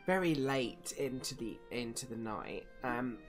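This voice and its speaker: A woman narrating as game master of a tabletop game, relaxed and hesitant with many fillers. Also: rumbling low, measured pace, faint music behind.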